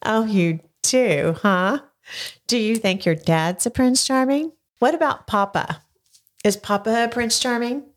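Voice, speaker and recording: An older woman hosting a casual podcast interview, gently coaxing answers with leading questions from a studio. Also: fairly high pitch, a little slow. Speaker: podcast host. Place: home studio.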